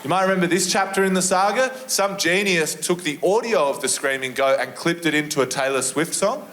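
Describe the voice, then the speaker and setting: A man's voice: on the high side, a little fast, fairly bright tone. An Australian man of about thirty telling a rambling story in a stand-up set. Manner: laid-back, rambling storytelling. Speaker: stand-up comedian. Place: comedy club stage.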